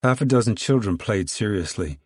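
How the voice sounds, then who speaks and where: A man narrating a novel in steady storytelling, acting out the dialogue. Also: fairly low pitch, normal speed, no room sound, clean studio sound. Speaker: audiobook narrator. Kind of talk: scripted narration.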